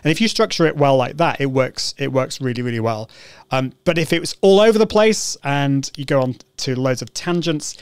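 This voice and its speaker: British male host, chatty and upbeat, smooth clear voice, dry close sound, mid pitch. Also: a little fast, no room sound. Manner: chatty, upbeat, frequent restarts and ums. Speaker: live show host. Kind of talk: casual live-stream tutorial.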